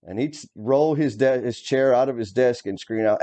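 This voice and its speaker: A middle-aged man with a mellow, relaxed tone tells work stories in a casual back-and-forth. His speech is plain and blunt, with the odd curse, and his pitch sits in an ordinary range. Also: unhurried, long pauses. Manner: storytelling, drawls and blunt, mild cursing. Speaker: co-host, former plumbing superintendent. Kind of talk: casual conversation.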